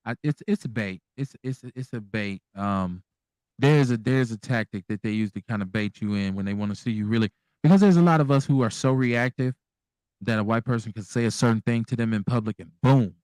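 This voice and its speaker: A man hosting a call-in radio show, talking candidly and bluntly, full of profanity and lively emphasis. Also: on the low side, fairly quick, clean tone, no echo. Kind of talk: casual call-in radio talk.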